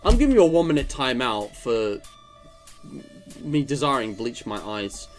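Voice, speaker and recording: Lively male game streamer. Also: medium pitch, moderate pace, faint music behind. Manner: animated, swears and groans at the game. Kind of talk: live gameplay commentary.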